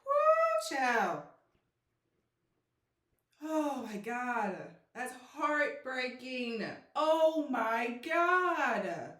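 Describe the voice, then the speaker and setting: A young woman reacting to a film on camera, loud and full of curses. Her pitch leaps all over the place and she talks at an unhurried pace. Her voice rings around an echoey room. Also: expressive. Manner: loud, exclaiming, heavy cursing. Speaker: movie reaction channel host. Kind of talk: emotional movie reaction commentary.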